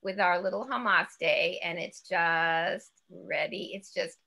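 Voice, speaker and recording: A woman's voice: lowish voice, slow pace, creaky, pushed and bright. A woman teaching a laughter yoga class, chanting ho-ho-ha-ha and guiding breathing with an upbeat, laughing manner. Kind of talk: guided laughter exercise class.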